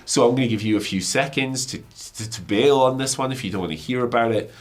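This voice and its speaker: A hoarse man with a flu, hosting wrestling news in a chatty, self-mocking way with many fillers. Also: mid-range voice, fast talker. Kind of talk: casual news commentary.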